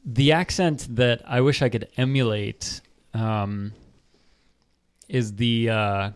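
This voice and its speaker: A man's voice: medium pitch, fairly even intonation, takes it slowly, clean tone. A man hosting a casual podcast chat, easygoing and hesitant with lots of fillers.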